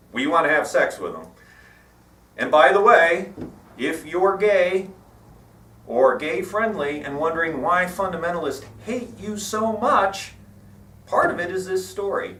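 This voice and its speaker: A man giving a sermon in a church, telling stories in an irreverent, wry, animated way. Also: a little high, slight background noise. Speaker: preacher. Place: church hall. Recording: echoey hall, mic at a distance.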